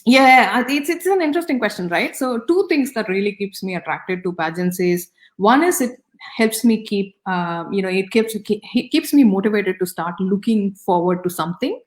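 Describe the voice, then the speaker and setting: A woman with an Indian accent gives a conversational interview. She speaks reflectively and often starts a thought, pauses on fillers, then starts it again. Her pitch sits in the usual middle for a woman. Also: expressive. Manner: reflective, many fillers and restarts. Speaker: interview guest.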